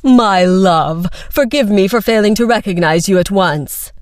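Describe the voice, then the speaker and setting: A woman putting on a spoiled young prince who purrs and sneers at everyone, his voice a bit brighter and tighter than the narrator's, sounding close and dry. Entitled and condescending, he brushes every objection aside in a storybook reading. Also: medium pitch, lively intonation, measured pace, dry recording, close to an everyday voice. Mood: smug. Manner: smug, condescending, grabby.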